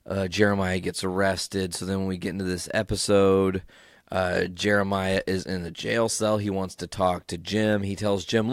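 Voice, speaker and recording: A man's voice: sits low, level tone, moderate pace, no room sound, clean studio sound. A man hosting a solo podcast recap in a casual, rambling way, tired and yawning, swearing freely. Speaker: podcast host.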